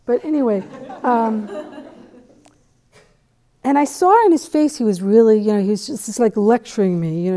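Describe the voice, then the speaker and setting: A middle-aged woman from New England giving a dharma talk, telling a personal story in a conversational, animated way with asides. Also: fairly high pitch, moderate pace, pauses often. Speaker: meditation teacher.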